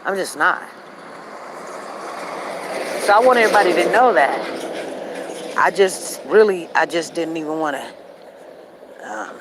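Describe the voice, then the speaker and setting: A woman hosts a casual, rambling live chat on a phone as she walks outside, with faint outdoor noise behind her. She talks straight to her viewers and greets them by name. When she gets serious she drops her voice low and quiet. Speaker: livestream host. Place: outdoors, walking.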